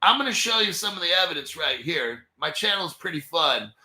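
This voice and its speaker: A man's voice: on the high side, big pitch swings, a little fast, bright, forceful tone, echoey room. A man hosting a casual crypto commentary video, talking in a hyped, jokey way and swearing often. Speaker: crypto channel host.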